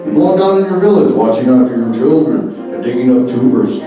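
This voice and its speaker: Man doing a talking bear from a spoken legend: loud, high, scolding; distant mic in a roomy hall with music. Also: lively intonation, quick pace, lo-fi sound, natural voice. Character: gruff talking bear, wild mountain animal. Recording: echoey hall from far off, music.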